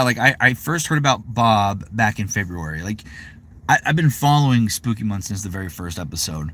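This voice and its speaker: A man's voice: lowish voice, a bit bright. A man in his thirties chatting casually on a live stream, rambling with lots of fillers. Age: 30s. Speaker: voice actor streaming.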